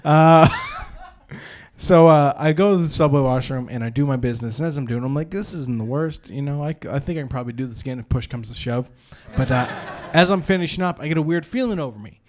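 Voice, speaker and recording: A man's voice: fairly high pitch, brisk, a little mellow. A young man doing live stand-up comedy at a brewery show, telling rambling self-deprecating stories with lots of "uh" and restarts.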